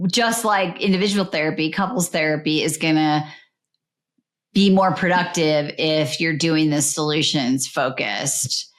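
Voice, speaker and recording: Woman hosting a chat show, rambly and excited, talks like a friend. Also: low voice, a little slow. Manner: chatty, enthusiastic, rambling. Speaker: podcast host. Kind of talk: casual interview chat.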